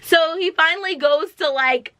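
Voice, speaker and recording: A woman's voice: very high-pitched, moderate pace, bright, forceful tone, slight background noise. A young woman vlogger chatting through a movie recap in a dramatic, slangy way.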